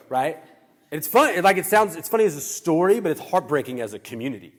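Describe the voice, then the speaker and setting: A man's voice: medium pitch, fairly quick. Pastor man in a reverberant hall. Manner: animated, chatty, acts out dialogue. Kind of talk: sermon storytelling. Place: church hall.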